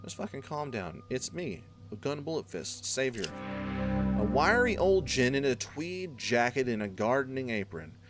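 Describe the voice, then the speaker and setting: A man's voice: medium pitch, very animated, normal speed, music in the background. A man commenting on a playthrough in a profane, joking way as the gaming host. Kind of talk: let's play commentary.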